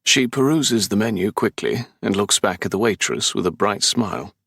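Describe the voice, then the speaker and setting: A man's voice: on the low side, normal speed, creaky, a bit bright, breathy edge, no echo. A man with a London English accent narrating a romance audiobook in the first person, with a dry, sardonic, exasperated manner. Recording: dry close studio sound.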